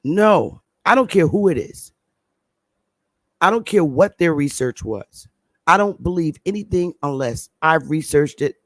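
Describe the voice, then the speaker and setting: A woman's voice: low-pitched, dry recording. Middle-aged woman hosting a livestream, emphatic and repetitive, close and dry sound. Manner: emphatic, repeats points for stress. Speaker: livestream host. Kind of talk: livestream talk to viewers.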